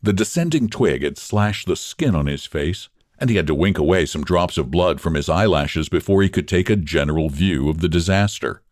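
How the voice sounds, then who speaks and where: A man narrating a story in an expressive, measured reading. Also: sits low, no echo, clean studio sound.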